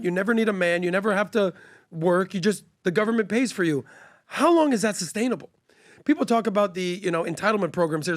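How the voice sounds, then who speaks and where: Blunt guy firing off questions fast, high voice, dry studio mic. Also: dry recording. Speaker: podcast guest. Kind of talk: casual debate.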